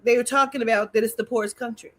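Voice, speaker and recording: A woman co-hosting a podcast, chatting casually with loud laughter and plenty of swearing. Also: fairly high pitch, steady tone, rapid-fire. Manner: loud, profane, bursts into laughter. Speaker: podcast co-host. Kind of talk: casual chat.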